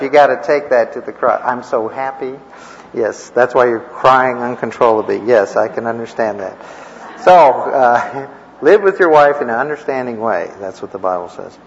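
A man's voice: medium pitch, slight background noise. A man teaching a church class in a rambling, folksy way, with chuckling asides and homespun stories. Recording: echoey, dull lo-fi room recording.

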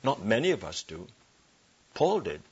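A man preaching a sermon to a church congregation. He is emphatic, slows down to stress scripture phrases, and asks the congregation rhetorical questions. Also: on the low side, big pitch swings, breathy edge. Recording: dull lo-fi sermon recording.

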